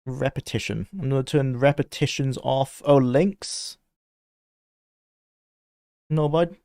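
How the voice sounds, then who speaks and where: A young man chatting loosely as he streams a game, rambling and quick to laugh. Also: medium pitch, darkish tone, no echo, clean studio sound. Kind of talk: casual live-stream gameplay commentary.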